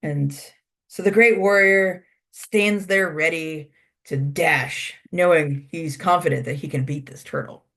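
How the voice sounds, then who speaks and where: An instructor tells a folk tale aloud to a class at an easy pace. The voice sits at a middle pitch, and words are repeated for rhythm. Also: measured pace, gravelly, fairly bright tone. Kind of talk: oral storytelling in a class.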